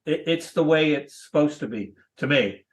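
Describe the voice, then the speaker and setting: A man's voice: fairly high pitch, lively intonation. Rambling man in his sixties. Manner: rambling, thoughtful, halting with many restarts. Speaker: cartoonist guest. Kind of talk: casual interview chat.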